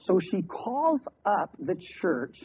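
A man preaching a sermon, telling a story with quick asides and repeated words. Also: sits high, very animated, a little hiss or hum. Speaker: pastor. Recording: dull lo-fi radio broadcast.

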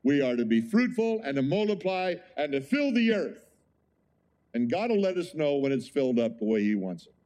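A man's voice: fairly high pitch, very animated, normal speed, a little mellow. A male pastor preaching a sermon in an emphatic, conversational way, often asking the congregation rhetorical questions.

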